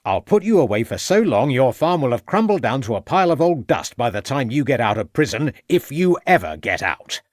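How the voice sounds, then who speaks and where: A man's voice: mid-range voice, big pitch swings, normal speed, dry recording, studio quality, natural voice. A man voicing a stern police inspector who questions firmly and with threats.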